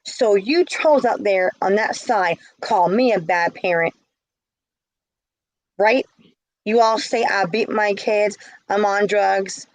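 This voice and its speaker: Middle-aged woman, indignant vlog rant, unhurried delivery, dry close sound. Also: mid-range voice, no room sound, rough recording. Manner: heated, indignant. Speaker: vlogger. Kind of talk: casual storytelling rant.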